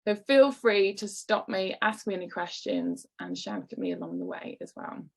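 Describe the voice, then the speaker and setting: A woman's voice: on the low side, wildly swooping pitch, normal speed, a little mellow. Encouraging woman on a video call. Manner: encouraging, lightly acts out quoted voices. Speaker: business workshop speaker. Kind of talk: online workshop talk.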